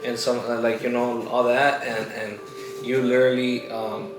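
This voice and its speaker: A man's voice: medium pitch, little pitch movement, normal speed. Rambling young man in an echoey room. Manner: rambling, slangy, lots of fillers. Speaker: vlog host. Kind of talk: casual storytelling. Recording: echoey room with music playing.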